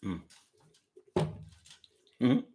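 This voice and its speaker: Speaking extremely slowly in a warm tone, this man runs a livestream where he reads out viewer comments and muses casually, drifting along with lots of hums, restarts and now and then a curse. His manner is blunt, with offhand profanity.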